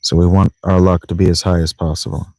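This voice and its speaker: Speaking fast and flat in a deep, darkish voice with no echo, a man streams a let's play from a sleeping bag in a tent. His commentary rambles as he jokes to himself and purposely mispronounces words.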